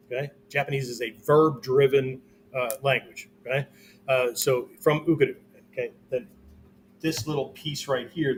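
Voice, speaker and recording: A man's voice: medium pitch, darkish tone, slight background noise. Man teaching, always asking "okay? right?". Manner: checks in constantly with "okay?" and "right?"; loose, conversational explaining with fillers. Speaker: martial arts instructor. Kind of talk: whiteboard teaching talk.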